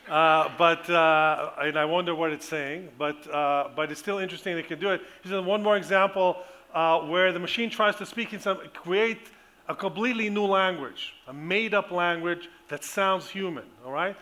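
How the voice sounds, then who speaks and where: A man speaks from a conference stage with a bright, forceful tone, explaining his subject eagerly. His voice sits a little high, and he often stops to restart a phrase or fill a gap with "uh". It sounds like a keynote heard through the hall's microphone. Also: moderate pace. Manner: enthusiastic explainer with frequent ums and restarts. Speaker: engineering professor giving a conference talk.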